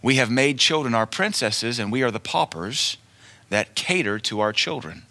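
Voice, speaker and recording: Preaching a sermon, a man projects a bright, forceful voice that cuts through, medium in pitch, expressive, and at a moderate pace. He's emphatic, tells folksy stories, and drives his points home by repeating key lines.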